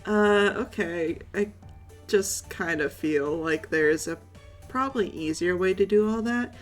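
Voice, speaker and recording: A woman's voice: fairly low pitch, unhurried, faint music behind, natural voice. A woman voicing a meek, unsure young male student in a video game, speaking hesitantly. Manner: hesitant, mumbling.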